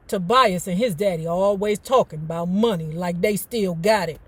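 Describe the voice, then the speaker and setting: A woman's voice: lowish voice, normal speed, hardly any pauses, breathy edge, dry recording. A woman reading a novel aloud for a book club, breaking into chatty, sassy commentary between passages. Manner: animated, switches between reading and sassy asides.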